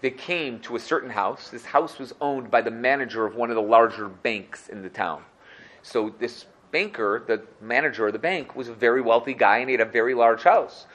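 A man teaching a religious class, telling a story in a conversational, animated way and often checking in with the listeners. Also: medium pitch, moderate pace.

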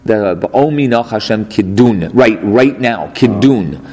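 A man's voice: fairly low pitch, lively intonation, a little slow, darkish tone, husky. A man teaching a text study, explaining and translating verse by verse. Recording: long hall reverb, faint noise.

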